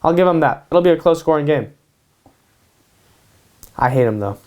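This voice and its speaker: A man's voice: on the high side, expressive, normal speed, a little mellow. A man hosting his own show, giving casual sports predictions in a hyped way, repeating his picks and tacking "baby" onto them. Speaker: host. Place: home in Kansas.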